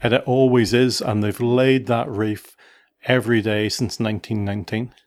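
A man's voice: medium pitch, steady tone, moderate pace, a little mellow. A middle-aged man, hosting a casual family podcast, chatty and full of questions. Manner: chatty, asks questions, restarts sentences. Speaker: podcast host.

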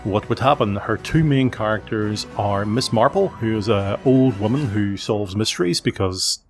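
A man's voice: lowish voice, normal speed, faint music behind. Chatty man hosting. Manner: chatty, asks questions, restarts sentences. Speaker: podcast host. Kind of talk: casual family podcast chat.

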